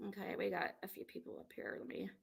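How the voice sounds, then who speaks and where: A woman with a cold hosts a casual livestream chat, talking fast in a rough recording. She rambles and sounds exasperated, full of fillers and restarts.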